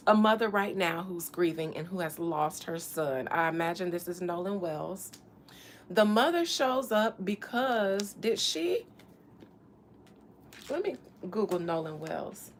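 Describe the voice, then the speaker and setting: A woman's voice: medium pitch, slight background noise. A woman from Florida doing a loose, profane psychic reading in casual livestream chat from a hot room in an old house. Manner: loud, laughing, profane banter. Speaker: psychic reader.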